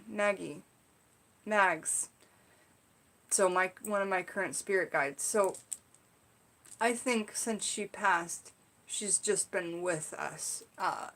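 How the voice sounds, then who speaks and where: A woman's voice: mid-range voice, a bit bright. A woman teaching on a live stream about spiritual topics, telling a story in a casual, rambling way with lots of "like" and "you know".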